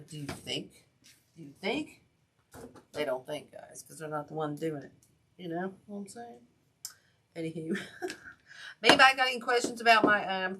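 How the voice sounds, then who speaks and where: A middle-aged woman with a low-pitched voice chats her way through a crafting livestream. She rambles, talks to herself and turns to her viewers in easy asides. A faint hiss sits under the recording. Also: a bit bright. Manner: chatty, rambling, with self-talk and asides to viewers. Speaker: craft channel host. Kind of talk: casual livestream chat while crafting.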